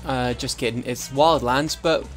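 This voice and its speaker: A man's voice: mid-range voice, fairly even intonation, unhurried, a bit bright. Young male gaming host, loose foul-mouthed commentary over a faint music bed. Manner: chatty, swears freely. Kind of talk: casual let's-play commentary.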